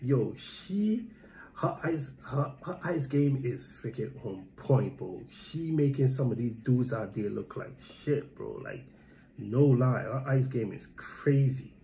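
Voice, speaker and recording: Man, reaction host, lively pitch, slow delivery, hyped. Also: vocal fry, a little hiss or hum. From Guyana. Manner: hyped, exclaiming, shouts of surprise. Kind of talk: casual reaction commentary.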